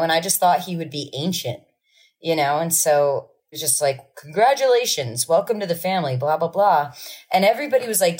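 A woman from New Jersey, a guest musician, telling anecdotes in a casual, animated way and acting out quotes. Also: lowish voice. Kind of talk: casual storytelling.

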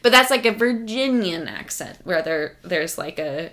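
A woman's voice: fairly low pitch, expressive, a little slow, a bit bright. A woman co-hosting a podcast, telling stories animatedly and laughing often. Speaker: podcast co-host. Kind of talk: casual chat.

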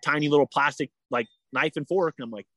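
This endurance athlete guest talks fast, his voice a little high with a fairly bright tone and no echo. Telling a long personal story in a casual interview, he rambles, restarts, and keeps saying "like" and "you know."

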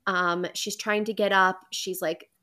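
A woman's voice: mid-range voice, little pitch movement, unhurried, sharp tone. A young woman hosting a podcast, rambling enthusiastically through a casual book recap full of fillers. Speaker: podcast host.

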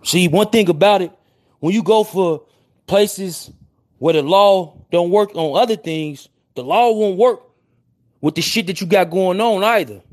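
This young livestream host from Chicago has a Chicago accent and talks casually to viewers in brash street slang, apologizing over and over. His voice sits high and a little mellow, and he's in no hurry.

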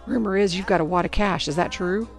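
A woman's voice: lowish voice, fast talker, gravelly, faint music behind. A woman doing a sassy teasing schoolgirl friend.

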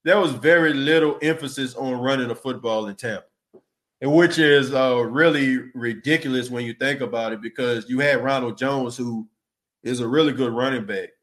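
A man with an ordinary, mid-pitched voice hosts a relaxed sports podcast. His talk is loose and conversational, full of repeated words and asides of "you know" and "man." He stops now and then to read out and answer comments from listeners. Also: moderate pace. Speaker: podcast host.

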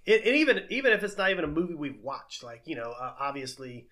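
Bright, lively man on a podcast. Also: fairly high pitch, quick pace. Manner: laughs often, rambling with fillers. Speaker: podcast co-host. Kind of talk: casual podcast chat.

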